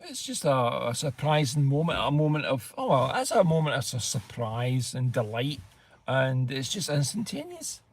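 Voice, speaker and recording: A man's voice: medium pitch, big pitch swings, normal speed, breathy edge. A man with a Scottish accent co-hosting a casual livestream, trading dry jokes with the host. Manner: dry, joking banter.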